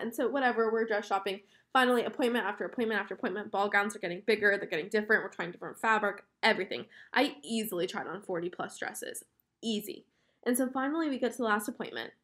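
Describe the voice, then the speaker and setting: A woman's voice: medium pitch, a bit bright. A young woman hosting a podcast, telling a casual, chatty story and quoting herself a lot. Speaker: podcast host.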